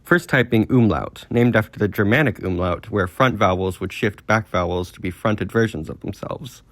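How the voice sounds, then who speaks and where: A man narrating a scripted educational video on linguistics in a measured, explanatory way. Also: on the low side, dry recording.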